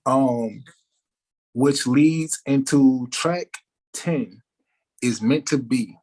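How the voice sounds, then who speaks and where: A man, a musician giving an interview, talking in a relaxed way with many fillers like "like" and "you know". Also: mid-range voice, extremely slow, low-quality recording. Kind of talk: casual interview talk.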